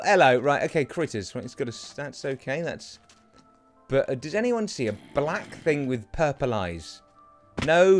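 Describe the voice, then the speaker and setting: A young man giving chatty, rambling gameplay commentary as a let's play host, talking to the creatures in his game. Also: medium pitch. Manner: chatty, rambling and self-mocking.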